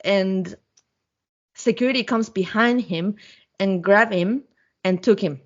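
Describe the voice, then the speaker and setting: A woman guest on a podcast, telling a story in a blunt, profane, animated way. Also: medium pitch, slow, muffled recording. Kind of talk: casual storytelling.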